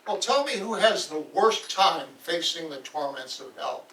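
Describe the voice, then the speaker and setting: A man's voice: fairly high pitch, animated, unhurried, bright, forceful tone, recorded from a distance. A man voicing a stubborn, fearless Icelander warrior who asks blunt questions, heard from across a roomy hall. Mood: bold.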